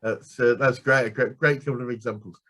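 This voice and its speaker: A man's voice: medium pitch, fairly even intonation, brisk, a bit bright. A man with a Northern English accent, a business coach asking questions and affirming his guest in hesitant phrasing. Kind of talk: interview questions.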